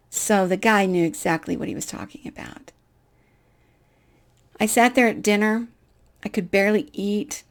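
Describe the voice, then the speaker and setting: Animated woman telling a personal story. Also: medium pitch, moderate pace, long pauses. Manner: animated, self-deprecating, acts out dialogue. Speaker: speaker.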